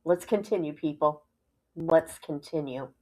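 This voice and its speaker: A woman's voice: low voice, unhurried, noisy background. A woman hosting a livestream, giving casual reaction commentary, often exclaiming and laughing in disbelief. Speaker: livestream host.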